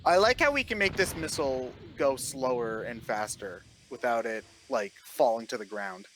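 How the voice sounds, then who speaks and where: A man's voice: mid-range voice, expressive, moderate pace, a bit bright, a little hiss or hum. A young man co-commentating a charity game stream, reading donations and laughing often. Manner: laughs often while talking.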